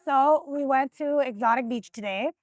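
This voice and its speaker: High-voiced, profane storytelling woman. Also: moderate pace, no echo. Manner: animated, profane, acts out quotes. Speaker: reality show contestant. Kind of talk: confessional storytelling.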